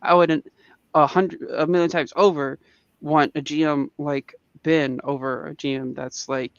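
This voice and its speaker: A man's voice: a little high, clean tone, no echo, lo-fi sound. A man chatting casually about tabletop game masters, rambling with lots of "like" and "uh". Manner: rambling, fillers like "like" and "uh". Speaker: tabletop game player and stream guest. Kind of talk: casual podcast chat.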